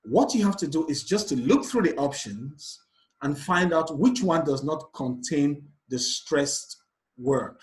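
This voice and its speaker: A man's voice: a little high, lively intonation, unhurried, poor audio. A man, a teacher patiently going through exam stress questions one by one. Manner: patient, repetitive explanation. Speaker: English teacher. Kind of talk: exam revision lesson.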